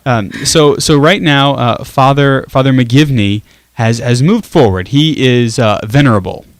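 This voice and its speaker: A man's voice: medium pitch, measured pace, dry recording, studio quality. A man hosting a casual talk show, chatty and laughing easily as he reads listener comments. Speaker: show host. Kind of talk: casual chat.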